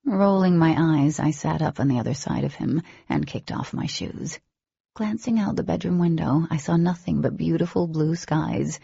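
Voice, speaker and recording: A woman narrating an audiobook in first person, with an expressive reading and a husky, creaky voice. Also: deep voice, moderate pace, no echo, highs cut off.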